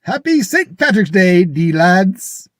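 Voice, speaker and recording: Man doing a squeaky leprechaun salesman. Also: very animated, slow, dry recording, clean studio sound, full character voice. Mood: mischievous hype. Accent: attempted Irish accent that comes out Jamaican. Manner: singsong rhyming sales pitch. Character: sly high-pitched leprechaun pitchman, male. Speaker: ad voice in a fan-made shirt commercial.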